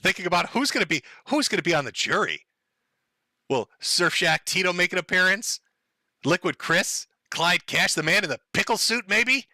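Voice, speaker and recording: A man riffing on a livestream in a sarcastic, profane way, slipping into mock-dramatic panic. His voice is very bright and fairly high for a man, and his pitch swings widely. The sound is dry and close. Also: animated, normal speed, no room sound. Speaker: streamer. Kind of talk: mocking livestream commentary.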